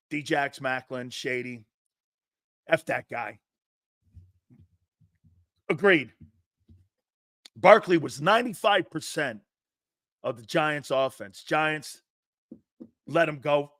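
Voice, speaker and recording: A man's voice: fairly high pitch, vocal fry, sharp tone, no echo, studio quality. A man hosting a sports talk show, giving brash, mocking opinions and laughing often.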